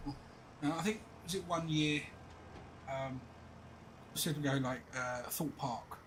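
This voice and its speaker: A middle-aged man with an English accent chats casually while he plays a game, telling long, exasperated stories and chuckling at himself. His voice sits a little high for a man. A faint hiss runs underneath. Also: unhurried, long pauses, rough recording. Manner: rambling, exasperated storytelling with laughs. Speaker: streamer. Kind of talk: casual chat while gaming.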